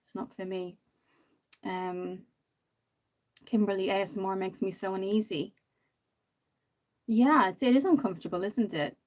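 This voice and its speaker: A woman's voice: mid-range voice, a little slow, long pauses. A woman hosting a makeup livestream, chatting casually and rambling with many ums while reading viewer comments. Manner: chatty, rambling, lots of ums and "you know".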